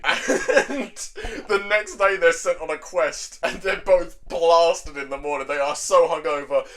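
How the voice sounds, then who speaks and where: A man's voice: on the high side, normal speed, a bit bright. A man casually recapping a story in an enthusiastic, rambling way, with lots of filler words. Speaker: manga recap video host.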